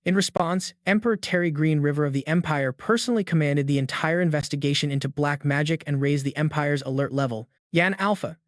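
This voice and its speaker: A man narrating a story recap in a steady, even read-aloud manner, voicing every character in the same tone. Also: fairly high pitch, a little fast, few pauses, no echo, clean studio sound.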